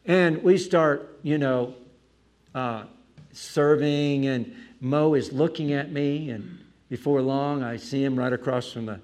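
Man, preacher, anecdotal storytelling, animated, self-mocking asides, acts out the scene. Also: medium pitch, slow pace.

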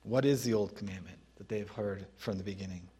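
A man preaching a sermon as pastor, teaching in a conversational way with pauses. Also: fairly low pitch, dark tone, breathy edge.

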